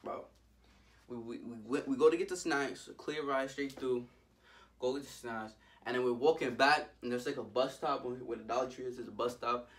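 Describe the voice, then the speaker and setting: A young man telling a storytime vlog in an animated, slangy way, jumping into loud voices for the people in it. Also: mid-range voice, moderate pace, recorded from a distance. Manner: jumps into loud character voices. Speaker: vlogger.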